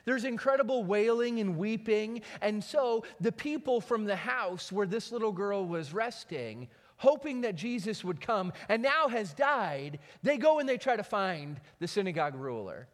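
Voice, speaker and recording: Preaching at a moderate pace with few pauses, a male pastor recounts the story with drama. His voice is high and lively, ranging widely in pitch, and it echoes with the lengthy reverb of a big hall.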